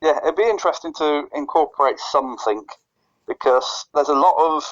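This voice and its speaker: A man's voice: fairly high pitch, normal speed, a bit bright. A man co-hosting a podcast in casual chat, often stuttering and restarting his phrases. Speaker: podcast co-host. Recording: lo-fi dull recording.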